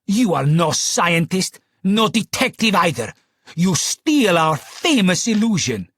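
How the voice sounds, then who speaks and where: A man voicing a fiery, theatrical Italian woman with a honeyed contralto voice and an Italian accent, shouting accusations. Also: high voice, sing-song, unhurried, husky, no echo, clean studio sound, voice pushed up, full character voice. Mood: furious.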